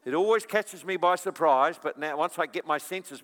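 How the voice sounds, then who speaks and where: A male preacher giving a sermon in an animated storytelling manner, with chuckling asides. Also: a little high, moderate pace, few pauses. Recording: long reverb of a large hall.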